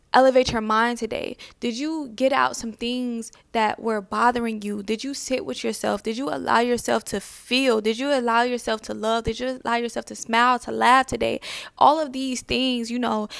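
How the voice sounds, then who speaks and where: A woman's voice: on the high side, creaky, a bit bright, no room sound. A young woman talking casually to camera about self-care, asking many questions and repeating phrases. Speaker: spiritual vlogger. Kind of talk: casual reflective talk to camera.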